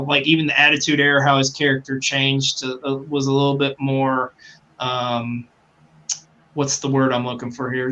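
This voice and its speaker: Man, podcast co-host, casual enthusiastic chat, bright forceful tone. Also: mid-range voice. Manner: enthusiastic, rambling, swears freely.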